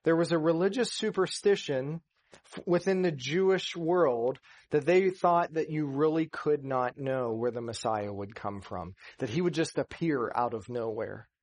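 A man delivers a sermon from the front of a church, speaking in a slightly higher register than most men. He talks earnestly, and his voice lifts and strengthens when he drives a point home. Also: unhurried, darkish tone. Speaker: pastor.

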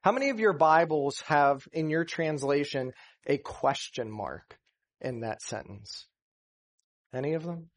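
A man delivers a sermon from the front of a church, speaking in a slightly higher register than most men. He talks earnestly, and his voice lifts and strengthens when he drives a point home. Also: animated, measured pace. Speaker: pastor.

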